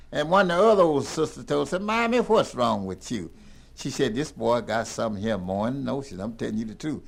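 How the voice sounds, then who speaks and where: An older man telling a rambling tall tale in a folksy, animated drawl. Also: mid-range voice, creaky. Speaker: storyteller.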